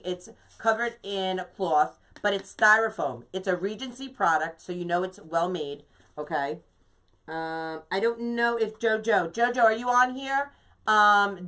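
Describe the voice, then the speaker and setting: A woman's voice: medium pitch, a bit bright. A woman in her fifties talks her way through a live craft demonstration. Her delivery is chatty and emphatic, leaning hard on key words. She breaks off now and then to greet viewers by name. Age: 50s. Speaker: craft instructor and shop owner. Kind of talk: live-streamed craft tutorial.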